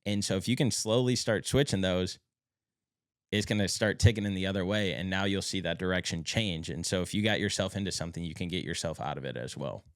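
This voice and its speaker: A man's voice: sits low, brisk, dry recording. A man co-hosting a podcast, speaking with motivational passion in casual chat and swearing casually. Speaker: podcast co-host.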